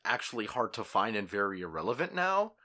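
A young man with a fairly low voice co-hosts a podcast in an easygoing, casual way. He swears offhandedly and rambles through his memories. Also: big pitch swings, a little fast, pushed and bright. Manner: laid-back, swears casually. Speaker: podcast co-host. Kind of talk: casual chat.

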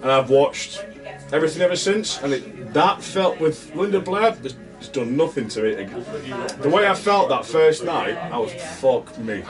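A man in his twenties co-hosting a horror podcast, telling a story in an animated, sweary way. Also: fairly high pitch, normal speed, recorded from a distance, over music. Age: 20s. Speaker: podcast co-host. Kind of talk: casual chat.

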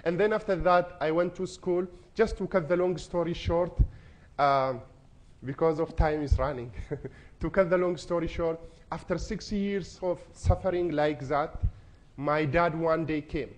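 A man's voice: on the high side, measured pace. A young man from Ethiopia, giving an earnest, emotional personal testimony to an audience. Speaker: speaker.

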